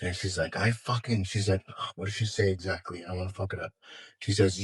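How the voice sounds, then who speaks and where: Low husky man, casual chat. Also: steady tone, brisk, low-quality recording. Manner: rambling, swears freely, many fillers and restarts. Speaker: podcast co-host.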